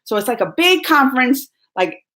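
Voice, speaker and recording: A woman's voice: high voice, big pitch swings, moderate pace, a bit bright. A woman from New Orleans with a Southern accent, chatting casually and giggling as she reads viewer comments on her live stream. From New Orleans, Louisiana, US. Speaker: YouTube host.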